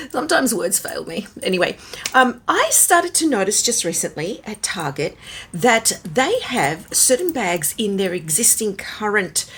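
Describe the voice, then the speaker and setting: Woman, hoarse and husky with a cold, casual handbag vlogger who wonders aloud. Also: medium pitch, a bit bright. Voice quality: raspy. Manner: chatty, musing, wondering aloud. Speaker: handbag reviewer. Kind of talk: casual vlog chat.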